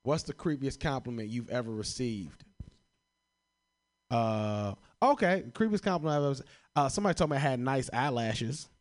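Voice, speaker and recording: A young man from Chicago doing a stand-up set with a medium-pitched voice. He swears freely and keeps laughing at his own jokes. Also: expressive, normal speed. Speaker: stand-up comedian. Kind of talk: stand-up comedy answering prompts.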